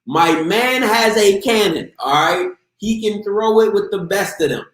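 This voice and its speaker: Male interview host, hyped and slangy, higher voice, echoey room sound. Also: expressive, a little slow. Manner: hyped, slangy, talks straight to viewers. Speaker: show host. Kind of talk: casual live interview show.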